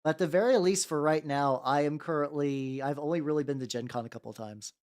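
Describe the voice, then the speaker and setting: This is a VTuber host chatting loosely on a livestream while painting miniatures. The talk wanders between topics, greets viewers one by one and throws in casual curses, all in a mid-range pitch. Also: fast talker, darkish tone. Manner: rambling, greets chat by name, swears casually.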